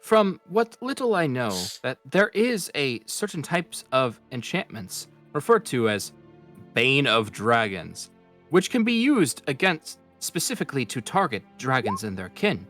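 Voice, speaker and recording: A man giving voice to an ancient magic orb from a grimoire, grave and formal, with a lively, rising and falling delivery. It speaks in measured, old-fashioned phrases, like a tabletop game oracle addressing mortals. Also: medium pitch, faint music behind, voice pushed up. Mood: solemn. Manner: formal, archaic, measured speech.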